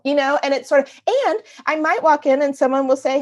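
Middle-aged woman, guest author, animated storytelling, fairly high voice, acts out her own lines. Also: fast talker, hardly any pauses.

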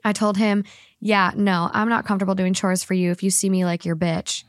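Woman podcast host, mid pitch, dry close mic, quick animated storytelling. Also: no room sound. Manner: animated, laughs often, reads quickly. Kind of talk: casual podcast chat, reading a story aloud.

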